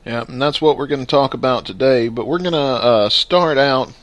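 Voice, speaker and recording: A man's voice: mid-range voice, moderate pace, fairly bright tone, no echo, muffled recording. A man hosting a casual podcast, joking and upbeat, with a lot of laughter. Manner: jokey and upbeat, laughs often. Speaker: podcast host.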